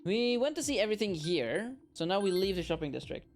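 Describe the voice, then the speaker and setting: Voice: medium pitch, very animated, brisk, slight background noise. A streamer chatting casually and jokingly while playing, reading the game's dialogue aloud in voices. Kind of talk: casual live gameplay chat. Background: faint game music.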